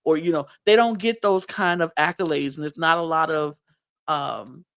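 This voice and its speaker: A woman's voice: low voice, normal speed. Emphatic woman co-hosting a chatty podcast. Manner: animated, emphatic, punctuates points with "period". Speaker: podcast co-host. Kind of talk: casual chat.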